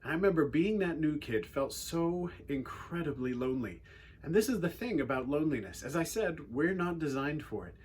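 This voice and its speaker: Animated English man telling a story. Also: a little high, brisk, husky. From England. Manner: animated storyteller, wry and earnest. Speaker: youth speaker. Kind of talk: personal storytelling talk.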